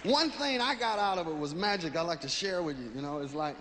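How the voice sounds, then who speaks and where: Male comic, fairly high voice, reflective and profane, echoing hall, faint hiss. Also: animated, brisk, a crowd in the background. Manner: earnest, reflective, profane storytelling. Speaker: stand-up comedian. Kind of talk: stand-up comedy monologue.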